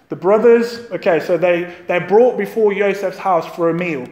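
A man with a fairly high voice delivers a sermon on the weekly Torah portion, speaking in an earnest, conversational way. He stumbles and restarts his sentences, then lifts his voice with emphasis when he reads scripture. The room around him is echoey. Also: moderate pace, few pauses, a little mellow. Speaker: teacher of a fellowship.

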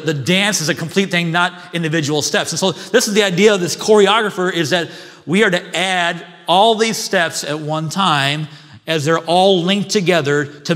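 A man's voice: a little high, a bit bright. A man preaching a sermon in a conversational way, reading scripture aloud and explaining it with everyday asides. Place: church sanctuary. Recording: long church hall reverb.

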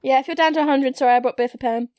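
A woman's voice: sits high, steady tone, rapid-fire, a little mellow, no room sound, clean studio sound. Giggly woman gaming with family. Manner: giggly, playful. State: voice going hoarse. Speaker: let's play host. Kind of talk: casual gaming chat.

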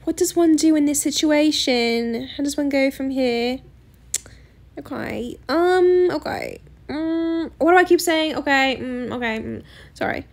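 Slow, high-voiced woman gaming host. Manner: rambling, hesitant, lots of fillers. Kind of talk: casual gameplay chat.

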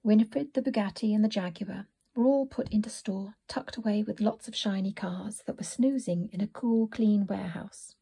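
A woman narrating a children's storybook in a soft, often whispered reading voice. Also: mid-range voice, moderate pace, creaky, hardly any pauses, breathy edge.

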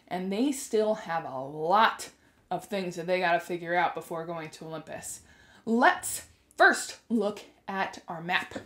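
Woman teacher, chapter book read-aloud, expressive, lively swooping pitch, slightly high voice. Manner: expressive, animated storytelling.

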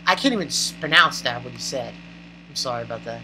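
A manga reviewer giving a casual, excited chapter recap, rambling and exclaiming with laughs. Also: mid-range voice, fast talker, husky, low-quality recording.

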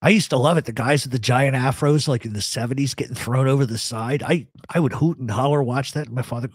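A man's voice: medium pitch, quick pace, few pauses, slightly rough, no room sound, studio quality. A man hosting a live talk show, giving blunt, rambling opinions to viewers in the chat. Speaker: host. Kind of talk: live radio chat answering a chat.

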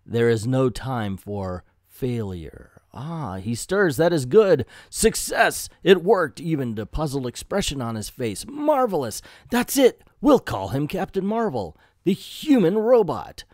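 A man voicing a proud male scientist who makes slow, grave pronouncements. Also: medium pitch, expressive, a little mellow, no room sound, studio quality, close to an everyday voice. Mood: solemn. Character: solemn male scientist doctor, proud creator.

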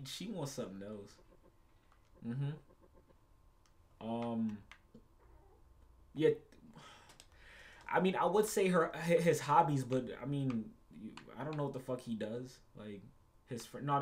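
A man's voice: mid-range voice, moderate pace, long pauses. A young man hosting a reaction video, ranting casually and profanely, repeating himself and calling the listener bro.

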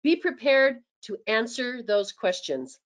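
A woman giving a webinar presentation as a dental practice consultant, chatty and animated, acting out sample phone scripts. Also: fairly high pitch, slow. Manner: chatty, with frequent restarts.

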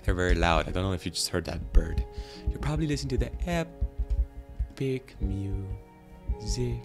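Low-voiced man rambling through game commentary. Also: lively intonation, very fast, gravelly, over music. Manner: rambling, goofy, self-deprecating, talks to animals. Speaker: gaming YouTuber.

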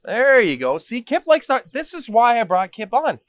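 A man hosting a comedy sketch chat, rambling along with a lively, swinging pitch. He jokes loosely and keeps talking over the others. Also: normal speed, dry recording. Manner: rambling, joking, animated. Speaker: host.

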